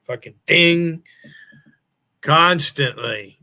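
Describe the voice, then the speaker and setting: A man's voice: medium pitch, measured pace, a bit bright. Swearing, taunting man ranting on stream. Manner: angry, profane, taunting. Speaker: live streamer. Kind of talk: profane livestream rant.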